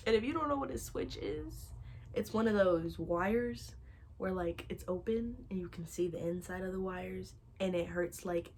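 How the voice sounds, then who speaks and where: A young woman telling a funny childhood story in a casual storytime, animated and dramatic, laughing as she goes. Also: mid-range voice. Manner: animated and dramatic, shouting and wailing re-enactments.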